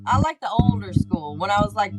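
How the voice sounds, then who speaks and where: A woman hosting a tarot stream, chatting in a rambling, animated way. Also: mid-range voice, brisk, loud music behind the voice, rough recording. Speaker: host reading tarot. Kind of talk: casual chat.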